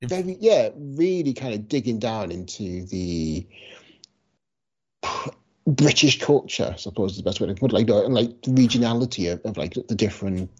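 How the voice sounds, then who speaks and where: A man's voice: fairly low pitch, animated, moderate pace, muffled recording. A man co-hosting a podcast in casual chat, eager and loose, with trailing sentences full of fillers. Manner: enthusiastic, with many likes and trailing sentences. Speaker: podcast co-host.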